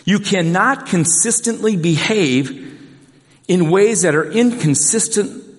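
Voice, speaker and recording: A man preaching a sermon as pastor in a church, earnest and emphatic, slowing down and repeating key points. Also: sits high. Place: church sanctuary. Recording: long reverb of a large hall.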